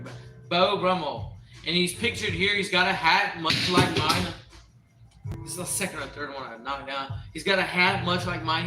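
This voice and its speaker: A man's voice: on the high side, pushed and bright, recorded from a distance. A man hosting a casual livestream, rambling and restarting often as he reads search results aloud. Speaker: livestream host. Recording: echoey room, off-mic, faint music.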